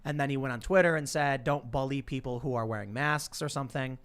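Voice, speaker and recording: A man in his thirties hosting a casual panel show, talking quickly and laughing often. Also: medium pitch, fairly bright tone, smooth. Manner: chatty, fast, laughs often. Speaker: podcast host. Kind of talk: casual panel talk with sponsor reads.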